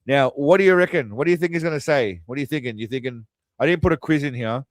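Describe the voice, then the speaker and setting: A man's voice: mid-range voice, quick pace, no echo. A man hosting a crude, mocking movie commentary, tossing out quiz-style asides. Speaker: host. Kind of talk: sarcastic movie riffing commentary.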